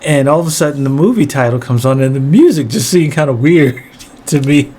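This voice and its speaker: A man telling a funny story from his childhood, animated and profane, often laughing as he goes. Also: mid-range voice, brisk. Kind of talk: comedic storytelling monologue.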